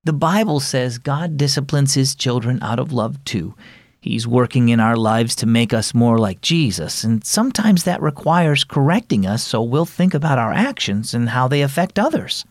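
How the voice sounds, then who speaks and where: A man voicing a mother who gently scolds her son in a children's story reading. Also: mid-range voice, animated, normal speed, no room sound, studio quality. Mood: tender. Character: firm but loving mother.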